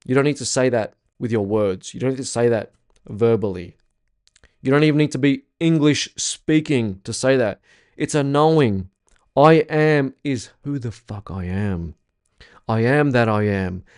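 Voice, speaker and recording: A man's voice: mid-range voice, a little mellow. Young male spiritual teacher, casual and blunt, heavy swearing, hammers points by repeating them. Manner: blunt, swears freely, emphatic repetition. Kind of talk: casual workshop talk.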